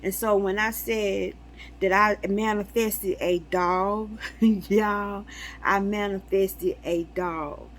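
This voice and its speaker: A woman's voice: medium pitch, slow, a little hiss or hum, poor audio. A woman talking casually to viewers about spiritual signs, telling stories animatedly and acting out conversations. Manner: animated storytelling, acts out dialogue, laughs often. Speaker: spiritual vlogger.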